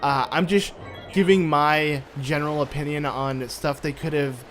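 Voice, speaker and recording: A man's voice: fairly high pitch, fairly even intonation, moderate pace, fairly bright tone, soft background music. A man hosting a casual let's-play, rambling and chatty, with self-mocking sarcasm as he plays a console game at home. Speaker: gaming channel host.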